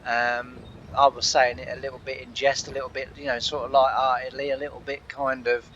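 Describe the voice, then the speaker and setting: A man's voice: mid-range voice, little pitch movement, a little fast, a bit bright, muffled recording, slight background noise. A man telling a long casual story while playing a game, laughing often and acting out the people he quotes. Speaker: gaming channel host. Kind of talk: casual storytelling over gameplay.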